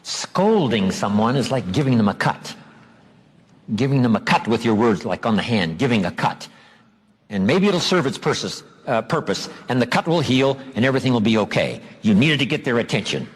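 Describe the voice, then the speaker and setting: A man's voice: medium pitch, very animated, moderate pace, slightly rough. A man giving a motivational seminar talk, emphatic, stretching out key phrases for drama. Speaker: motivational speaker.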